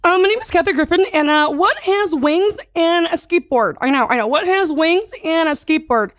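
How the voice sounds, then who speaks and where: A woman's voice: animated, fairly bright tone, no echo, studio quality. A woman doing a jokey impression of a brash comedian, telling a punny riddle. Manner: quick, high, jokey delivery.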